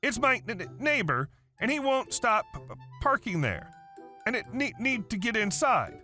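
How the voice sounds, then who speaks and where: A man's voice: extremely high pitch, very animated, moderate pace, pushed and bright, faint music behind, voice pushed up, heavily acted. A man voicing a tenant in a wheelchair who puts on a stammer and pleads for help on the phone. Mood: pleading. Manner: stammering, hesitant.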